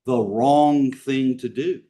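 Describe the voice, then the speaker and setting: In a church sanctuary, a male pastor's sermon comes across as plain talk laced with rhetorical questions for his listeners. Speaking slowly at medium pitch from some distance from the mic, he moves between emphatic and hushed delivery.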